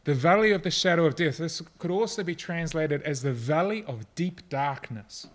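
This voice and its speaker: A middle-aged man preaching a sermon, earnest and personal, at times soft and reflective. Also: fairly high pitch, normal speed. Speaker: pastor.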